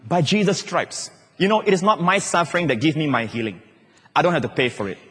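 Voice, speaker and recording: A male pastor preaching a sermon to a church, dropping at times into soft, slow, hushed repetitions. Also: fairly high pitch, big pitch swings, breathy edge. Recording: long reverb of a large hall.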